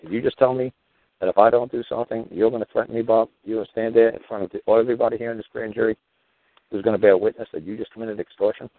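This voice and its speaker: Combative low-voiced man on tinny radio. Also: fairly even intonation, rapid-fire, no room sound. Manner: combative, rhetorical questioning. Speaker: show host. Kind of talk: talk radio monologue. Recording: tinny phone-like radio audio.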